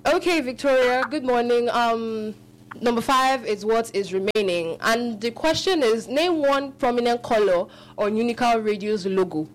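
A woman hosting a live radio call-in show, animated, often laughing and restarting her sentences. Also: fairly high pitch, moderate pace.

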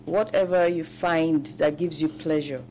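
A woman's voice: low voice, fairly even intonation, a little slow, warm tone, slight background noise. A woman, a guest baker answering radio interview questions plainly and without hurry.

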